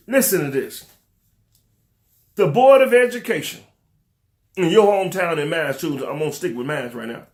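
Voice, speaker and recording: An older man giving fiery, preacher-like commentary, drawing out words for emphasis and slipping into rough vernacular. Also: on the high side, expressive. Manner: preacher-like cadence, drawn-out emphasis, repetition. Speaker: talk show host. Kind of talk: impassioned commentary to camera.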